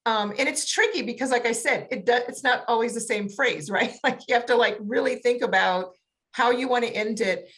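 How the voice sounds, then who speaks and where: Woman coach with a higher voice, talks fast and bouncy, acts out little examples. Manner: lively explaining, acts out examples with big pitch changes. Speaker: autism communication coach. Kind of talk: panel discussion.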